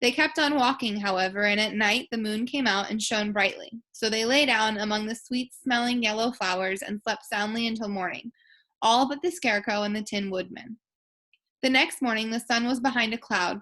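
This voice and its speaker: Bright-voiced teacher reading aloud. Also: female voice, on the high side, normal speed. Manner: gentle, self-deprecating, occasional restarts. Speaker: elementary school teacher. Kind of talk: reading a children's book aloud.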